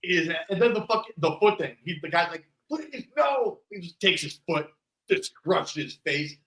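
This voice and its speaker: A relaxed man offers his movie opinions on a podcast, swearing now and then. His voice sits a little high. The recording has a roomy echo. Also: normal speed. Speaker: podcast co-host. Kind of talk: casual movie chat.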